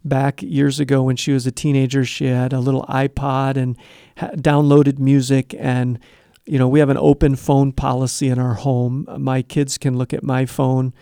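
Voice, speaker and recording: A man's voice: medium pitch, little pitch movement, normal speed, vocal fry, warm tone, clear, resonant tone, no room sound, clean studio sound. A middle-aged man giving Christian advice, explaining step by step in an earnest conversational way and acting out short bits of dialogue. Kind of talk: conversational teaching.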